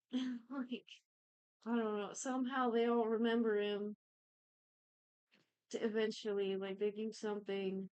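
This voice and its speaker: Her voice is on the high side, clean and darkish, with little pitch movement and no room sound. The speaker is a young woman co-hosting a podcast, casually recapping a TV series with rambling, profane talk and quick impressions of characters' lines.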